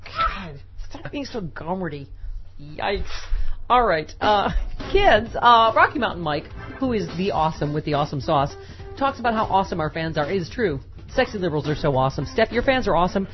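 Woman talk radio host, wisecracking, lowish and lively, dull-ish audio. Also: soft background music. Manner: wisecracking, quick to interrupt.

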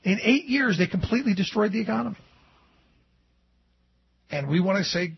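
A man hosting a political talk show, animated and sarcastic, often mocking others in a put-on voice. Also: high-pitched, moderate pace, vocal fry, pauses often, breathy edge, no echo. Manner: animated and sarcastic, mimicking opponents in quotes. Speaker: talk radio host. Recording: dull lo-fi dry studio sound.

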